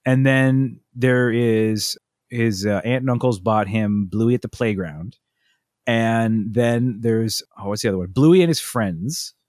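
A man's voice: medium pitch, slow pace, a little mellow, dry recording, clean studio sound. A man, chatting casually as a podcast co-host and telling long stories with many restarts and asides. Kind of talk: casual chat.

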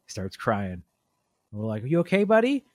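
A man's voice: medium pitch, wildly swooping pitch, fairly quick, darkish tone, no room sound, studio quality. A man in his thirties chatting casually on a podcast, telling a story and acting out the quoted lines with big jumps in his voice. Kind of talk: casual chat.

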